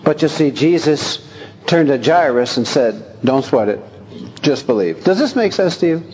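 Male preacher, higher-pitched voice, folksy and humorous, chuckling delivery, church hall with long reverb. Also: animated, normal speed, darkish tone. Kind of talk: sermon with scripture reading.

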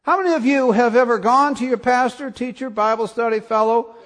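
A man preaching a sermon and reading scripture aloud, often asking the congregation questions and rising to excited, high-pitched calls. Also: brisk. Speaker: pastor.

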